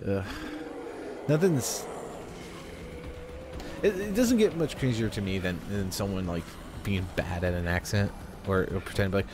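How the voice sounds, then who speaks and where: A man with a fairly low voice talks through a video game as he plays. He rambles from one thought to the next and often talks to himself. A faint hiss sits under his voice. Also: lively intonation, a little slow, long pauses. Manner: rambling, chatty, talks to himself while playing. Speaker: gamer. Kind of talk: let's play commentary.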